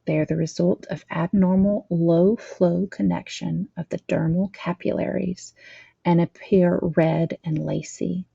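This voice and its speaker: A woman's voice: fairly low pitch, steady tone, measured pace, creaky, mellow, slightly rough, no room sound, muffled recording. A woman teaching a training lesson, reading slides aloud with a slight lisp, stumbling over terms and correcting herself. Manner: reads text aloud, stumbles and corrects herself, adds plain explanations. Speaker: instructor.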